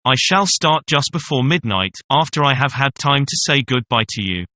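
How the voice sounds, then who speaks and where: A man's voice: mid-range voice, lively intonation, normal speed, sharp tone, dry recording. A man reading the lines of an earnest, pleading fifty-year-old cashier in a classic story audiobook.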